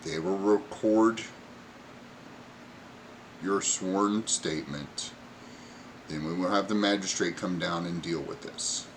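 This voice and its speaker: A man's voice: sits low, slow pace, long pauses, noisy background. A man voicing a stern male dock official who speaks curtly and by the rules. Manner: curt, flat and rule-bound.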